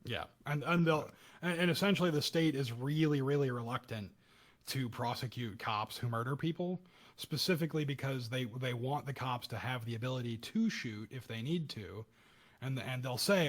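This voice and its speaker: A young man co-hosting a casual podcast, talking through a news story with heated emphasis and bursts of louder, higher speech. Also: normal speed. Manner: animated, acts out quoted voices with rising pitch and loudness. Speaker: podcast co-host. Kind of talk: casual political commentary chat.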